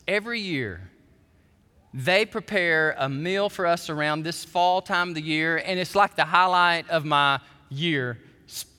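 A man pastor preaching a sermon, telling animated stories with stammering restarts. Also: on the high side. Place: church sanctuary. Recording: long hall reverb.

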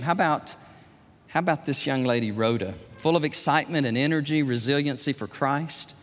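A man preaching a sermon as pastor of a church, animated and swinging from hushed tones to near shouts. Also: a little high, brisk. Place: large church hall. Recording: long hall reverb.

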